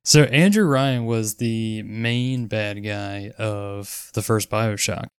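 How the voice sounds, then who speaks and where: Low, smooth-voiced man explaining eagerly. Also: dry recording, studio quality. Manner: quick, enthusiastic explainer, swears casually. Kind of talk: casual chat.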